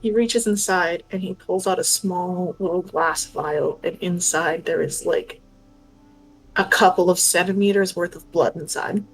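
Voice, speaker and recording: A woman's voice: fairly low pitch, measured pace, rough recording. Woman game master narrating loosely. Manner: loose, filler-heavy narration.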